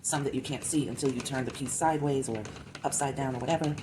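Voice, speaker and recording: Low-voiced woman w a slight lisp chatting thru her craft project, noisy room behind her. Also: fast. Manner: relaxed, thinking aloud while working. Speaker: craft vlogger. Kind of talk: casual crafting narration.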